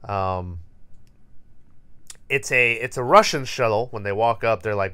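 A man's voice: mid-range voice, animated, slow pace, pauses often, a bit bright, clean tone. A man co-hosting a podcast, recapping a horror movie in a rambling, profane, laughing way. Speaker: podcast co-host.

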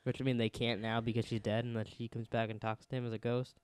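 A man's voice: medium pitch, flat delivery, fast, clean tone, dry recording. A man co-hosting a casual podcast, chatty and rambling, laughing often. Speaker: podcast co-host. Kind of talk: casual chat.

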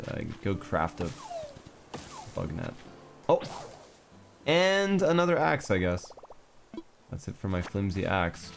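A man's voice: fairly low pitch, creaky. A young man streaming a cartoon life game, chatting casually and thinking aloud as he plays. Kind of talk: casual gameplay commentary.

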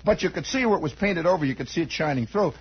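Quick and animated, this American host in his forties yarns on in a high, raspy voice, drifting wryly from aside to aside. It's an improvised radio monologue from a studio, captured in dull, lo-fi 1960s broadcast quality.

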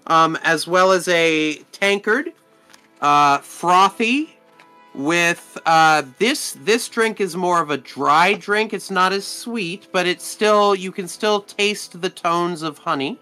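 Slow, bright-voiced male game master, faint background music. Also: high voice. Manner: slow, halting, many fillers. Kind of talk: narrating a tabletop game.

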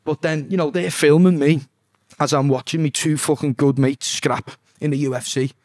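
A man's voice: a little high, steady tone, moderate pace, a little mellow, no room sound, clean studio sound. A young man with a Liverpool accent, a singer chatting as a podcast guest, swearing freely and often asking "do you know what I mean". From Liverpool, England. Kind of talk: casual interview chat.

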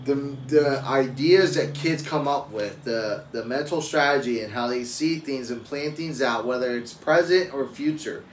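Young dad swearing through a rambling story. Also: male voice, mid-range voice, moderate pace, few pauses. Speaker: father. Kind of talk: casual live-stream chat. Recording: roomy echo with faint ambient noise.

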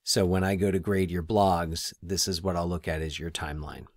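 A man teaching his students in a screen-recorded tutorial, relaxed and thinking aloud as he clicks through the steps. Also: deep voice, moderate pace, dry recording, studio quality.

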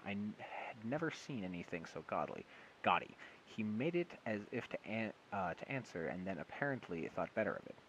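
A man reads a short story aloud in one casual take, his voice a bit low. He trips over words and corrects himself, with a light amused tone. A faint hiss sits under the recording. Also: sing-song, moderate pace, a bit bright, highs cut off. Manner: stumbling, self-correcting, with amused asides. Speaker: audiobook reader.

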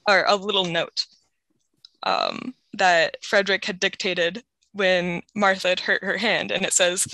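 A young woman with a bright, lively tone casually retells scenes from a book as a podcast co-host. She talks in a chatty way full of "like" and easy laughter. The sound is dry and close, with almost no room echo. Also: medium pitch, measured pace.

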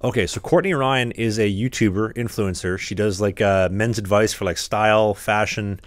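A Canadian man, a podcast host and hockey goalie, chatting casually from a locker-room stall at a rink, joking and rambling with quick asides. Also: lowish voice, dry recording, clean studio sound.

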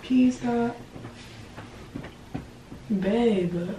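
A woman's voice: on the high side, very slow, mellow. A young woman vlogger in casual prank banter, pleading and exasperated, repeating herself to her boyfriend. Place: indoor room, bedroom. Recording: echoey room, from far off, with background noise.

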